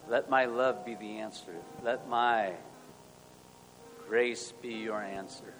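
A male pastor leading an earnest spoken prayer, moving between hushed and loud passages. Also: fairly low pitch, steady tone, slow. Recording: long hall reverb, soft music.

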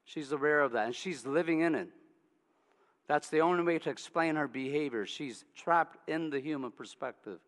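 A man preaching a sermon, animated and acting out scenes from his story. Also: fairly high pitch, moderate pace, big-room sound.

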